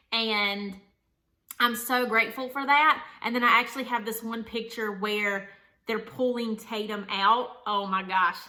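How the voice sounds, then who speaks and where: Bright-voiced young woman telling her story. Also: a little high. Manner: earnest, rambling, many "like" fillers. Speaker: vlogger, new mother. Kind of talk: candid personal storytelling.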